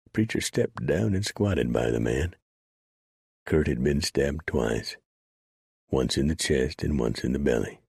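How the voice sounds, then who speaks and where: A man narrating an audiobook in a steady, unhurried storytelling manner. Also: a bass voice, creaky, breathy edge, no echo, clean studio sound.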